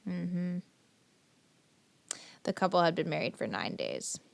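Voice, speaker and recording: A woman's voice: fairly low pitch, sing-song, takes it slowly, gravelly. A young woman co-hosting a podcast, retelling a story in casual chat with lots of fillers and swearing. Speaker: podcast co-host.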